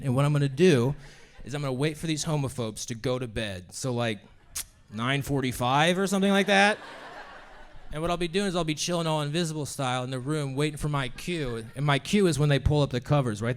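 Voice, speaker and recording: A young man performing a brash, crude stand-up set in a comedy club, laughing at his own jokes. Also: on the high side.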